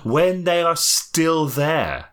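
A man's voice: on the high side, big pitch swings, drawn-out words, fairly bright tone, smooth. A man chatting casually about a video game, swearing and joking. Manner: sweary, jokey, laughs often. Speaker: gamer podcast co-host.

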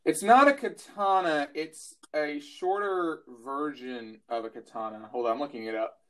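A man's voice: a little high, normal speed, a bit bright. A man from Texas chatting playfully on a podcast, laughing often. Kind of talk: casual chat.

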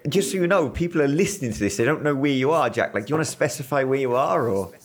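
A man's voice: mid-range voice, lively intonation, fast, breathy edge. A man hosting a casual podcast, teasing and joking in crude banter. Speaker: podcast host. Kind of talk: casual chat.

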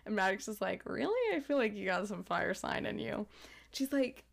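A woman's voice: medium pitch, normal speed, vocal fry. A woman co-hosting a podcast, chatting casually and acting out quotes with lots of "like". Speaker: podcast co-host. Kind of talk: casual recap chat.

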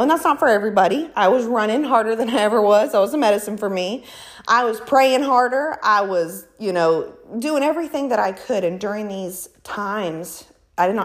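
Emphatic, out-of-breath woman guest. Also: medium pitch. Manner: emphatic, faith-filled, acts out quoted voices. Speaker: interview guest. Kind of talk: casual conversational interview.

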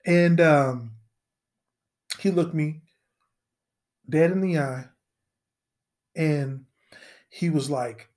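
A man's voice: on the high side, measured pace, pauses often, a little mellow. A man hosting a solo podcast, telling a story as a profane, rambling rant and repeating himself in mock disbelief. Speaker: podcast host.

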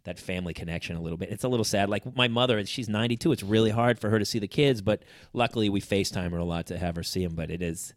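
A middle-aged man hosting a casual chat, telling family stories and acting out quotes loudly. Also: lowish voice, racing, hardly any pauses, no echo, studio quality. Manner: animated storyteller, acts out quotes loudly. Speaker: podcast host.

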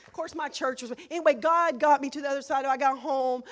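A woman preacher giving a sermon in church, emotional and emphatic, swinging between hushed and loud. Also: high voice, steady tone, brisk, a faint crowd. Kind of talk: sermon with personal testimony.

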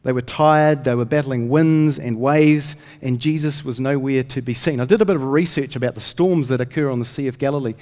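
A man's voice: medium pitch, fairly even intonation, brisk, hardly any pauses, a little mellow. A man preaching a sermon, telling stories earnestly and lifting his voice when he reads scripture. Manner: earnest storytelling, rises when reading scripture. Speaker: pastor. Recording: long hall reverb.

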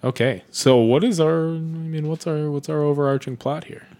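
Brief: male podcast co-host, deadpan delivery, casual. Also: fairly high pitch, moderate pace. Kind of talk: casual comedic chat.

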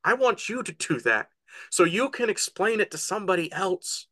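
A man's voice: high voice, lively intonation, moderate pace, pushed and bright, no room sound. A man speaking earnestly and fervently as a podcast guest, often tripping over and repeating words. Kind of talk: passionate podcast conversation.

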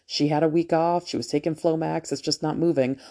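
A woman's voice: deep voice, steady tone, brisk, warm tone. A woman of around forty who works as a nurse, telling a long personal story in a casual, candid and profane way, just out of anesthesia after a procedure.

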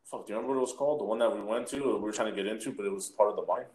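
Low-voiced man swearing through a story. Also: very fast, echoey room. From Utah. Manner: animated storyteller, swears constantly, acts out quotes. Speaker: podcast co-host. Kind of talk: casual profane chat.

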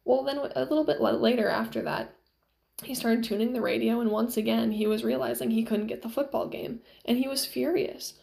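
A woman's voice: on the high side, a little fast, creaky, darkish tone. A woman teacher casually retelling a story to her class, slipping into short quoted lines as she goes.

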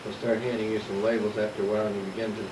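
A man in the audience, speaking up in a thoughtful, low-key way during a lecture. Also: flat delivery, very fast, reverberant, recorded from a distance, noisy background. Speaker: audience member. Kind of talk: question from the floor.

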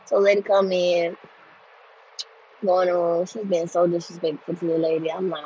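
A woman in her twenties telling a story in a casual monologue, blunt and animated, swearing freely. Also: fairly low pitch, moderate pace, slight background noise. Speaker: group home staff telling a story. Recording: dull lo-fi sound.

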